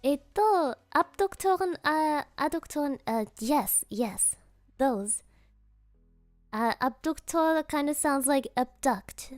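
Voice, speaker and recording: High, slow, giggly woman streamer. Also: lively intonation, no room sound, soft background music. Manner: giggly, rambling, heavy fillers with Japanese interjections. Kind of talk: casual storytelling chat.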